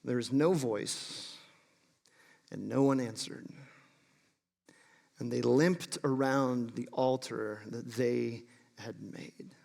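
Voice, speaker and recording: A man's voice: mid-range voice, takes it slowly, creaky, long pauses, a little mellow, big-room sound. A man preaching a sermon, reading scripture aloud and breaking in with playful, sarcastic asides. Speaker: pastor. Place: church sanctuary.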